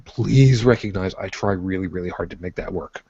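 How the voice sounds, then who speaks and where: A man's voice: deep voice, moderate pace, mellow, slightly rough, muffled recording. A man co-hosting a podcast in casual chat, self-deprecating and apologetic. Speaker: podcast co-host.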